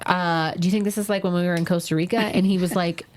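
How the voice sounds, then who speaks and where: Woman co-host, lowish voice, swears and laughs while telling anecdotes. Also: steady tone, fast talker. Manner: laughing, profane storyteller. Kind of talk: casual chat.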